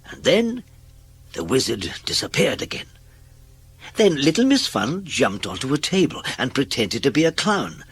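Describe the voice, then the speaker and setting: A man reads a children's storybook aloud with a slightly husky voice. His delivery is expressive, with a lively pitch that rises and falls on each line. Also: moderate pace. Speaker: narrator. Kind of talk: storybook reading.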